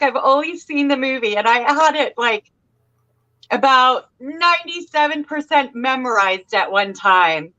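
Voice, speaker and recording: Woman, crafting stream co-host, high voice, laughs a lot, lots of fillers, muffled audio. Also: measured pace. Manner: laughs often, filler-heavy and relaxed. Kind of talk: casual chat.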